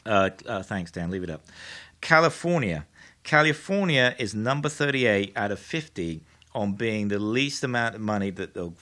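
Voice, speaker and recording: A man's voice: fairly low pitch, animated, normal speed, sharp tone. A man with a Texas accent hosting a political commentary show in a studio, speaking with mock-astonished, theatrical sarcasm.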